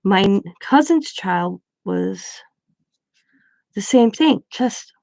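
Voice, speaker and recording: A middle-aged woman telling a story in a casual, blunt and animated way, acting out the people she quotes. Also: medium pitch, takes it slowly, gravelly, no echo. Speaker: crafting channel host.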